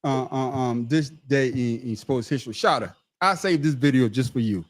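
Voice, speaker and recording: A man's voice: medium pitch, normal speed. A man hosting a sports podcast in casual chat, laughing and repeating himself. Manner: laughing, repetitive. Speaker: podcast host.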